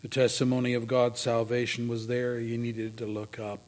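A man preaching a sermon in a dramatic way, moving from loud emphasis to near whispers. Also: mid-range voice, monotone, moderate pace.

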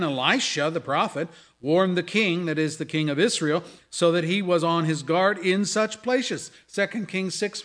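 A man preaching a sermon, swinging between loud dramatic scripture reading and hushed asides. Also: fairly high pitch. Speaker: pastor. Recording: audio of a sermon.

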